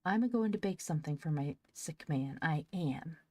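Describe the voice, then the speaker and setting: A woman doing a slow earnest little girl. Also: sits low, expressive, mellow, dry recording. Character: small sweet-voiced little girl, earnest.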